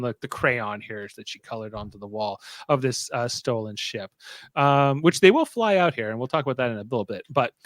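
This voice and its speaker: A man's voice: mid-range voice, fairly bright tone, no echo. A man hosting a podcast, recapping a TV episode in casual chat, rambling with lots of fillers and restarts. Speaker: podcast host.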